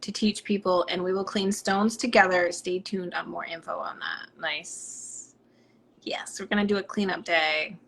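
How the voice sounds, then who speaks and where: A woman from Rhode Island, hosting a live stream as a psychic medium, chatting and reading out viewer comments in a bubbly way that drops into soft whispers. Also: lowish voice, fairly even intonation, normal speed, gravelly, slight background noise.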